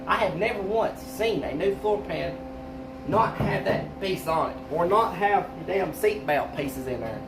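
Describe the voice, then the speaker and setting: Man, car restorer, frustrated ranting vlog delivery, gravelly voice, garage workshop. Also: high voice, expressive, measured pace, over music.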